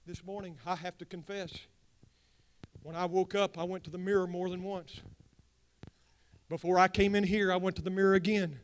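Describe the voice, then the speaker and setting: High-voiced preacher, rising to shouts. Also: male voice, moderate pace. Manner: swings from hushed asides to loud rising preaching. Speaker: pastor. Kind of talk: sermon. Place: church sanctuary.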